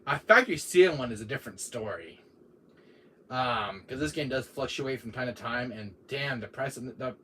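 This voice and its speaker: A man's voice: medium pitch, lively intonation, moderate pace, fairly bright tone. A man hosting a casual livestream, rambling through jokes and game talk with frequent laughs and many fillers. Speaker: livestream host. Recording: distant mic with faint noise.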